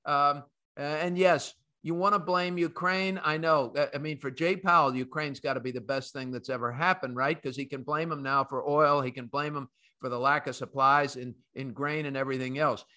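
A man's voice: fairly high pitch, fairly even intonation, moderate pace, pushed and bright. An American man hosting a market commentary podcast, emphatic and opinionated, talking straight to his listeners. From United States. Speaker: podcast host.

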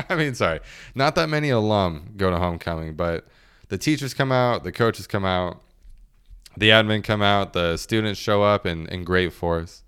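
A man in his late twenties talks through a casual solo podcast with a low, deep voice that stays smooth and resonant. He rambles from one joke to the next, swears freely and laughs often between thoughts. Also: normal speed, a bit bright. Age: late 20s. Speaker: podcast host.

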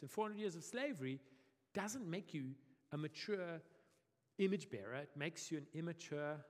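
A male pastor preaching a sermon in a lively, conversational way with humorous asides, in a long hall reverb. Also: fairly high pitch.

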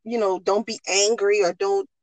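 A woman's voice: mid-range voice, steady tone, moderate pace, darkish tone, dry recording, low-quality recording. Woman podcast host, dry close sound. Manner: earnest, advising parents with repeated "you know". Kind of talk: casual podcast chat.

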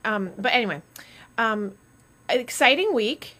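A woman's voice: a little high, expressive, a little slow, sharp tone. A woman hosting a casual live stream, chatty and rambling, often laughing.

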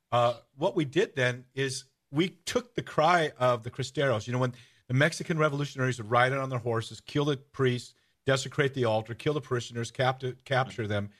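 A man hosting a casual podcast chat. He tells stories with eager energy, circling back and restarting his sentences. His voice sits at an everyday mid pitch. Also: a bit bright. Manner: enthusiastic storytelling, rambling with restarts. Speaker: host.

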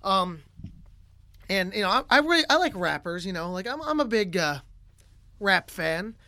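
A man co-hosting a casual podcast, telling a story in an animated way with many fillers. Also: high-pitched, normal speed, dry recording. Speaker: podcast co-host.

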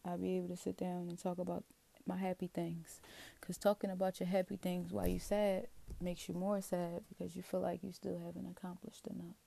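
A woman talking straight to her viewers in a rambling, profane, self-questioning confessional. Her voice is dark and gravelly with heavy vocal fry. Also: lowish voice, flat delivery, brisk. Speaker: vlogger. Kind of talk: candid confessional monologue.

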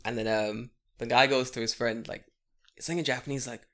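A man telling stories on a casual podcast chat, animated, swearing often and laughing as he acts out the people he quotes. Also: medium pitch, fast talker. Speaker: podcast co-host.

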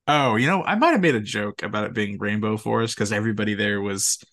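Bright-voiced young man telling stories. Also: on the low side, quick pace. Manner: animated, laughing, quotes friends in voices. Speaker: podcast co-host. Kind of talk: casual chat, storytelling.

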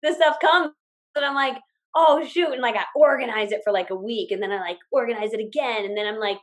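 A woman being interviewed as a guest, telling stories in a casual, animated way. She acts out her own past dialogue, laughs often and talks in quick run-on stretches with many fillers. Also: on the high side. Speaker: guest, business owner.

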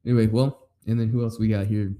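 A man's voice: on the low side, level tone, fast talker, mellow. Teasing man in an echoey room. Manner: joking, teasing, crude. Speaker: podcast host. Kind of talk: casual chat.

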